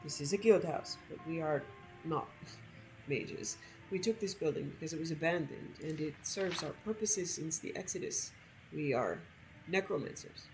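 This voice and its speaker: A stoic Nord necromancer, as a woman plays him, measured and matter-of-fact in a lowered voice. He states grim things plainly and calmly. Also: over music, rough recording. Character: stoic middle-aged Nord man, a calm necromancer.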